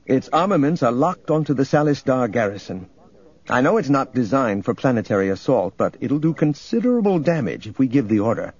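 A man voicing a firm, commanding young princess in an audiobook reading, with a measured, formal delivery. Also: mid-range voice, sing-song, a little mellow, slightly rough, highs cut off.

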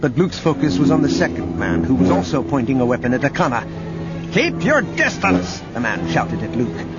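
A man narrating an audiobook in a dramatic, lively reading. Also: mid-range voice, fast. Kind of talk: scripted narration. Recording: dull audio under loud music.

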